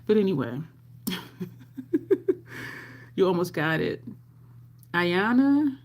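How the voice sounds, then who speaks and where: She's a middle-aged woman on a makeup livestream, speaking slowly in a lowish voice with big swings in pitch. As she works she chats easily with viewers, reads and answers their live comments, laughs often and acts out characters in her stories.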